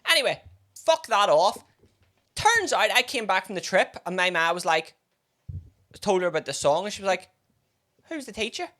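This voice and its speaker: A young woman, co-hosting a podcast and telling stories in sweary, animated casual chat. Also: medium pitch, moderate pace, pauses often. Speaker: podcast co-host.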